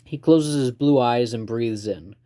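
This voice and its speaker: A man reading a first-person novel aloud in a calm, measured storytelling manner. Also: medium pitch. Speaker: reader.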